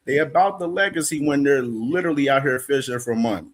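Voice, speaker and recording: A man's voice: mid-range voice, fast. A man co-hosting a live boxing stream, laid-back and talking in casual slang.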